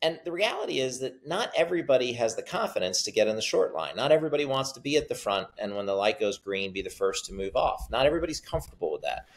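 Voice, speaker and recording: A man's voice: medium pitch, fast talker, few pauses, low-quality recording. A middle-aged man, a startup CEO, answering interview questions in a conversational way and acting out quotes as he tells stories. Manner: animated storyteller, acts out quotes.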